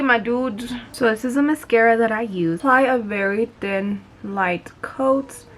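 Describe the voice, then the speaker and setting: Young woman, chatty code-switcher, bright high voice, light music bed. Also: lively intonation, unhurried. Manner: chatty, switching between English and Spanish mid-sentence. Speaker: beauty vlogger. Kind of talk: casual get-ready-with-me chat.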